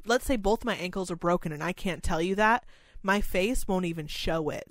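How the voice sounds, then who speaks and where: A young woman talks loosely about her work in memory care, rambling from one thought to the next and swearing without a second thought. Her voice sits in a middle pitch and is recorded close and dry. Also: no room sound. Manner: rambling, candid, swears freely. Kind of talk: casual podcast chat.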